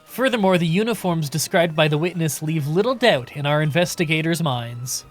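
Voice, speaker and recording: A man voicing a stiff male police spokesman in a game, with a slow, grave official tone. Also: fairly high pitch, lively intonation, soft background music, natural voice.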